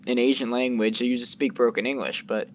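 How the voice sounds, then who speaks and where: A man's voice: medium pitch, fairly even intonation, fairly quick, dull audio, slight background noise. A man giving casual gameplay commentary, rambling with lots of fillers and mild cursing into a desk microphone. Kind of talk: casual let's-play commentary.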